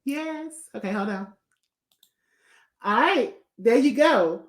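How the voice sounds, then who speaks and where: A woman's voice: on the high side, lively intonation, slow. A middle-aged woman hosting a podcast, chatting casually with a guest and heaping on praise. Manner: warm, effusive, repeats praise. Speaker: podcast host. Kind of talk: casual interview chat.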